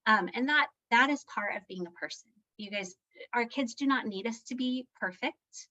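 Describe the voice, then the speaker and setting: At a live parenting workshop, a woman with a slightly high, bright voice speaks at normal speed in a forceful tone. She's conversational, candid and self-deprecating, often tagging points with "right?" to check in with her audience. The sound is a bit muffled and lo-fi.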